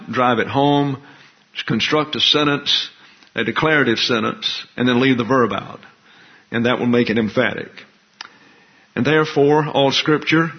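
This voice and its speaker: A man who teaches a Bible class as pastor, explaining Greek terms slowly and deliberately. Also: medium pitch. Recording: dull lo-fi recording.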